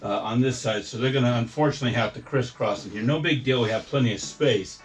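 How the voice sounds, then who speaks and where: A man's voice: medium pitch, quick pace, soft background music. A man narrating a home how-to project as he works, casual and rambling with lots of fillers. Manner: rambling, filler-heavy, thinking aloud. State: a bit out of breath at times. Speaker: DIY homeowner vlogger.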